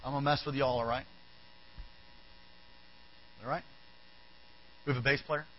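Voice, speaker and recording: A pastor preaches a sermon over soft band music, animatedly telling a Bible story, acting out the characters' voices, and making asides to the band. His medium-pitched voice moves at a moderate pace, and the lo-fi recording has a little hiss or hum.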